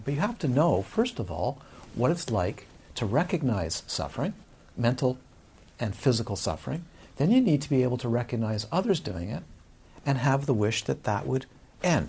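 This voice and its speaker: A man's voice: medium pitch, sing-song, moderate pace, darkish tone, breathy edge. A man teaching a Buddhist dharma talk to a live audience, in a conversational way with frequent questions to the listeners.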